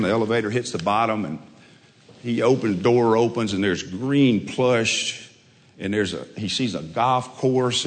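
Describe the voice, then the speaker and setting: A man preaching with folksy storytelling, repeating his key lines for emphasis. His voice sits at a middle pitch and rings out with a long hall reverb. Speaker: preacher and football coach. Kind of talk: sermon.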